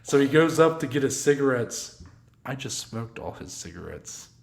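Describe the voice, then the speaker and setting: Man, podcast co-host, casual storytelling, swears a lot, acts out quotes, average pitch, echoey room. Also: big pitch swings, normal speed, creaky.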